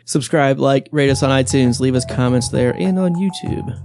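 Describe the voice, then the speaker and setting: A man's voice: medium pitch, normal speed, a little mellow, faint music behind. A man co-hosting a podcast, ranting bluntly in casual chat and laughing between points. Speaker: podcast co-host.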